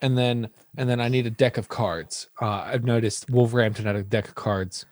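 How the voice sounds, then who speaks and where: A man's voice: mid-range voice, a little fast, darkish tone, dry recording, clean studio sound. An American man co-hosting a podcast in a rambling, playful, teasing casual chat. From United States. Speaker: podcast co-host.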